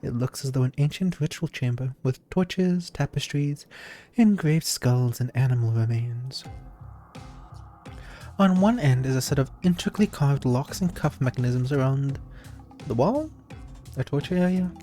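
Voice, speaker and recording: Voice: medium pitch, animated, moderate pace, mellow, faint music behind. A streamer reading a game's narration aloud, playful, with laughing asides.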